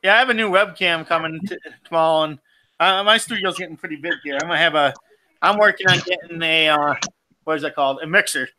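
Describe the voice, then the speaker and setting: High, bright-voiced man hosting a stream. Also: quick pace, slight background noise, poor audio. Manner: laughs often, loose and rambling. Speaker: host of a fishing and outdoors live stream. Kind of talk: casual live-stream chat.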